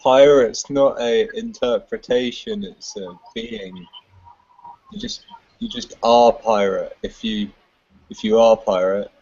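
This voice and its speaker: A man's voice: lowish voice, steady tone, slow, darkish tone, breathy edge. A father joining a casual chat, teasing in a dry way. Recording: dull lo-fi audio.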